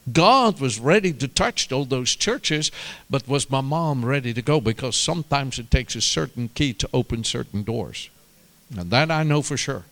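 A man preaches a sermon at a middle pitch. He tells his stories with animation, climbing into loud, high bursts of emphasis and then dropping back to quieter asides. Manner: animated storytelling, rises to shouts and drops to quiet asides.

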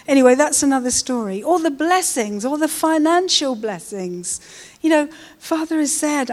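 Woman, middle-aged, preaching casually, tag questions, fairly high voice. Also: expressive, normal speed, a little mellow. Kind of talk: informal sermon.

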